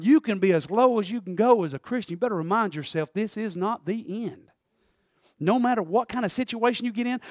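A man preaching a folksy sermon, dropping to hushed asides and rising to shouts. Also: sits high, no room sound, studio quality.

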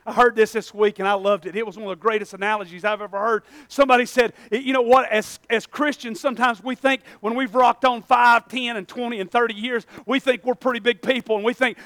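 A male preacher, delivering a sermon that swings between hushed pleading and loud shouting. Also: very high-pitched, fairly even intonation, quick pace, few pauses, no room sound.

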